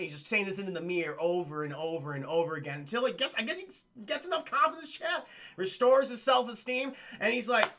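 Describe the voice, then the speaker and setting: A man's voice: sits high, lively intonation, brisk, creaky, bright, forceful tone. A young man livestreaming a casual spoiler recap of a film, rambling and swearing as he keeps talking to his chat.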